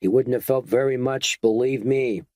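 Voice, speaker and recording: A man voicing a blunt, cynical man who bellows orders and talks gruffly. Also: medium pitch, normal speed, a little mellow, dry recording, clean studio sound, natural voice. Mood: stern. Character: blunt, cynical middle-aged man taking charge.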